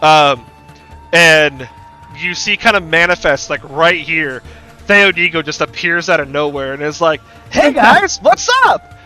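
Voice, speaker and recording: A man's voice: on the high side, a little slow, pushed and bright, smooth, faint music behind. A man narrating a tabletop game as game master, casual and full of fillers.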